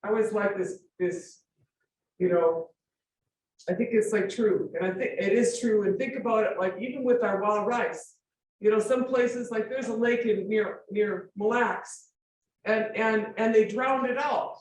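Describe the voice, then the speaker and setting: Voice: mid-range voice, measured pace. A forum speaker giving an informal public lecture with slides, emphatic and full of rhetorical questions, often checking that listeners follow. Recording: very echoey room, voice far from mic, faint ambience.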